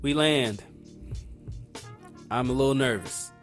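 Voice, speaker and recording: Loud music sits behind this podcast host's medium-pitched, slow-paced voice. He narrates a story conversationally with slang, animatedly voicing the people in it and acting out their reactions.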